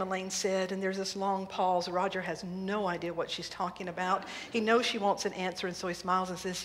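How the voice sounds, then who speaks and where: A woman's voice: medium pitch, fairly quick, hardly any pauses. Woman minister telling a story in a hall. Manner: lively, humorous storytelling. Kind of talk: sermon storytelling. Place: church sanctuary. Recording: reverberant hall, faint noise.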